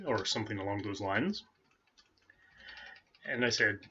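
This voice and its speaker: A man hosts a daily game playthrough in a loose, rambling chat, amused with himself and aiming for a soothing tone. His voice sits low but comes across forceful and husky. The recording sounds dull and lo-fi. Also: moderate pace, long pauses. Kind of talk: casual chat over gameplay.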